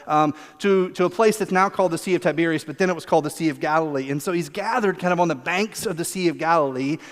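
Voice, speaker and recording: High-voiced pastor in a reverberant sanctuary. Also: male voice, fast. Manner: conversational and animated, laughing often, acting out quotes. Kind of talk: sermon. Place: church sanctuary. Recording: long reverb of a church hall.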